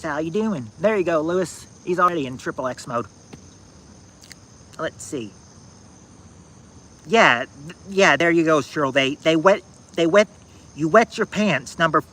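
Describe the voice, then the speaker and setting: A man hosting a casual trivia game on a livestream, reading viewers' answers aloud in a halting, repetitive way, outdoors at night on a phone. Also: a little high, fairly bright tone, slight background noise, low-quality recording. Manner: halting and repetitive, restarting phrases, drawling out answers.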